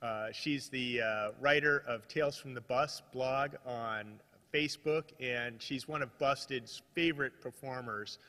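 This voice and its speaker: A man hosts a live storytelling show with a bright, forceful voice. He introduces the next performer casually, and the hall adds a long reverb. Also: mid-range voice, measured pace. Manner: casual with fillers. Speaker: host.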